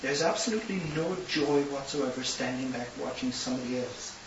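Irish preacher in a roomy hall. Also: male voice, medium pitch, brisk. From Ireland. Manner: storytelling, building to impassioned emphasis. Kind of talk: sermon. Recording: roomy distant hissy lo-fi recording.

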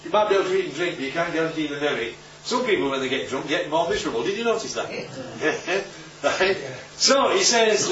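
A man's voice: fairly high pitch, lively intonation, a little fast, few pauses, fairly bright tone, slight background noise. A male preacher giving an informal Bible talk, conversational and often checking in with his listeners. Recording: roomy, distant, dull recording.

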